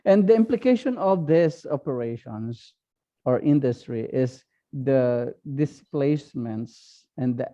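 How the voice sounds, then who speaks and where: Man, Filipino accent, priest's talk, unhurried and halting, low-fi sound. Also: expressive, mellow, muffled recording. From Philippines. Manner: slow, halting, with frequent fillers. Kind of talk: online talk.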